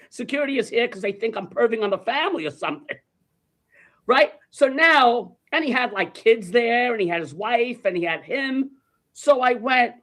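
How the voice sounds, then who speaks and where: A man's voice: high-pitched, expressive, normal speed, fairly bright tone. A man from New tells a story in casual chat. He swears freely and acts out the people in his story. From New York. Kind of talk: casual anecdote telling.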